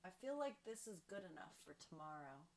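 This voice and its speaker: Her voice is fairly low and a little mellow, yet it swings widely in pitch as she talks briskly, with a faint hiss or hum in the audio. She's a livestream piano host taking requests from a room at home, casually chatting with viewers and laughing at herself, her studio mic shifting in distance.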